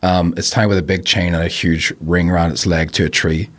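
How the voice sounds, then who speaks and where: A man's voice: deep voice, little pitch movement, a little fast, a bit bright. A man talking as a podcast guest in casual conversation, reflective and rambling, laughing easily.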